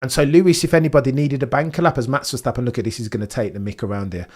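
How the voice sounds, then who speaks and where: Animated British man commentating live. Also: medium pitch, rapid-fire. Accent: British English. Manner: animated, swinging between excited shouts and deflated mutters; reads and answers chat. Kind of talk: live watch-along commentary.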